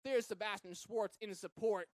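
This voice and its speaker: Excitable high-voiced male rugby commentator. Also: normal speed, no echo. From Massachusetts, US. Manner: excitable, rises sharply with big plays. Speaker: play-by-play commentator.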